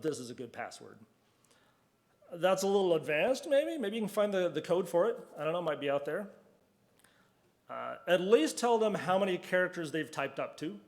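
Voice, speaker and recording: A man speaking at a conference in a loose, chatty way, with a voice that sits a bit high. He slips into the voices of frustrated users and friends as he tells little stories. It was recorded in a conference hall. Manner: chatty, acts out quoted reactions. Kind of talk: casual conference talk.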